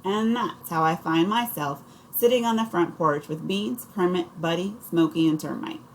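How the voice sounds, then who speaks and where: A woman reading a first-person audiobook in a steady storytelling manner. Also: fairly low pitch, moderate pace, slight background noise, poor audio. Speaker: audiobook reader.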